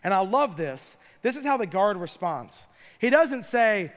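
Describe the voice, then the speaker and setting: High-pitched man, preacher, lively storytelling, joking asides, long reverb. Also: measured pace. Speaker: pastor. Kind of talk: sermon.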